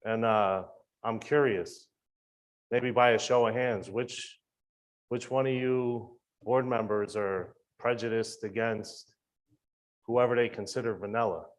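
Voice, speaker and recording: Slow, pointed man at the podium, challenging the board directly. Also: lowish voice, fairly even intonation, low-quality recording. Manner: confrontational, questioning, with fillers and restarts. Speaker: public commenter. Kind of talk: public comment at a school board meeting.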